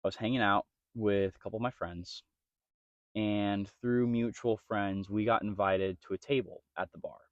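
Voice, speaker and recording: A young man with a fairly low voice co-hosts a casual podcast and tells stories, acting out the lines of the people in them. The recording sounds dry and slightly dull. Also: normal speed, dry recording. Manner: storytelling, animated quoting of others. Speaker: podcast co-host. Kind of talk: casual chat.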